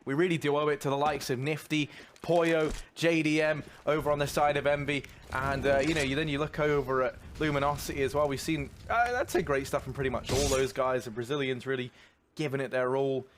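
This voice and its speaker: A man doing colour commentary on a video game match, chatty and informal, bursting into excitement on big plays. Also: medium pitch, fairly quick, a little hiss or hum. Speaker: esports caster.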